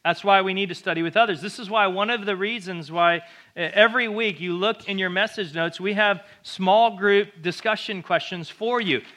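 A male pastor preaching to his church with a high, bright voice. He talks in a lively, conversational way and slips jokes in between points. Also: moderate pace. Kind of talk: sermon.

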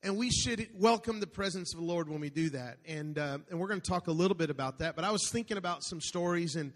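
Middle-aged male pastor, high-pitched, animated and joking with his congregation; reverberant church hall. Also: quick pace. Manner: animated, joking storyteller with call-outs to the congregation. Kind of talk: sermon. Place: large church auditorium.

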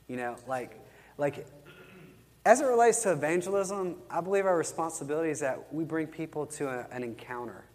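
Male church teacher, fairly high voice, casual storyteller, long hall reverb. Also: a little mellow. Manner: conversational storytelling, acts out Bible quotes. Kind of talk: teaching a class from worksheet notes.

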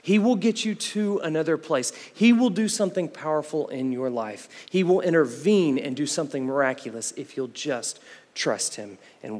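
A man's voice: a little high, in a large hall. A male pastor in his thirties preaching a sermon, repeatedly saying "listen" and building in intensity.

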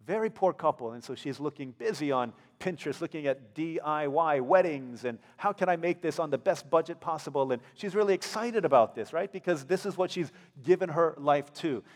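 Brief: American man preaching a casual, animated sermon; fairly high voice, reverberant church hall. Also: brisk, hardly any pauses. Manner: conversational, acts out characters in playful voices. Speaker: pastor.

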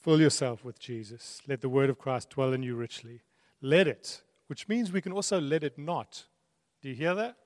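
A man's voice: fairly high pitch, dry recording, studio quality, big-room sound. A man preaching a sermon in an earnest way, repeating key phrases and laughing now and then. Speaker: pastor.

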